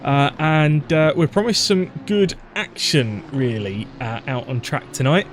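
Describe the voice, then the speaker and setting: A man's voice: a little high, unhurried, slight background noise. A man hosting a live race stream, reading out viewer messages and tossing questions to co-hosts, upbeat with frequent fillers. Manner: upbeat, reads out viewer chat, hesitant fillers. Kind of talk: casual live-stream commentary chat.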